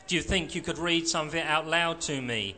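A man's voice: fairly high pitch, fairly quick, pushed and bright. A man doing a cocky young skinhead. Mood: mocking. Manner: mocking, rough working-class speech. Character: surly young male skinhead, cocky and combative.

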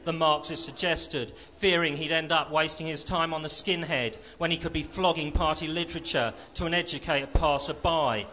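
A man, a novelist, reading aloud from his own novel in a dry, measured storytelling manner. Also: on the high side, bright, forceful tone.

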